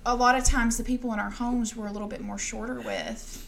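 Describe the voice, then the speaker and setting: A woman with a high voice co-hosts a casual podcast, teasing her friends and calling out to the listeners. Chatter rises clearly in the background. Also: fairly even intonation, fairly quick. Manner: teasing, addresses listeners as y'all. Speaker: podcast co-host. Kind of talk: casual chat.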